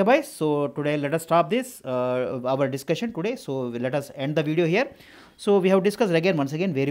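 Casting: Indian-accented male tutor, lively intonation, repeats himself, rhetorical questions. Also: a little high. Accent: Indian English. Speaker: exam coaching teacher. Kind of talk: exam prep lecture.

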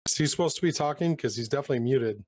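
A man's voice: medium pitch, racing, a little mellow, husky, no echo. A man at a tabletop game talks in a mid-range voice, circling and restarting as he lays out his plan. The sound is dry and close. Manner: rambling, restarting mid-sentence. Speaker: player. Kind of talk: casual tabletop play.

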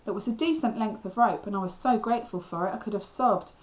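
A woman teacher reading a children's novel aloud with steady storytelling. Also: mid-range voice, fast talker.

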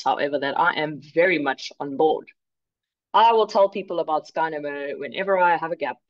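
Woman from south africa giving a webinar talk, calm and clear, bit muffled sound. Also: sits low. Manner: clear, measured, lightly humorous. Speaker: presenter. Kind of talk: online workshop presentation.

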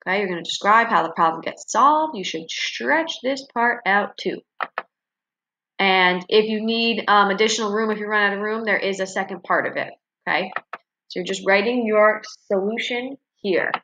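A woman's voice: mid-range voice, moderate pace, sharp tone, muffled recording, a little hiss or hum. A woman teacher walking students through their assignments in a recorded online class, explaining step by step and checking in with frequent "okay" and "right.".

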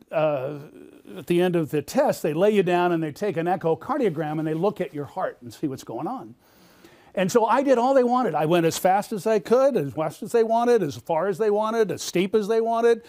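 High-voiced man giving a keynote. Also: darkish tone. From United States. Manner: storytelling, asks the audience questions. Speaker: keynote speaker. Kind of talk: conference keynote talk.

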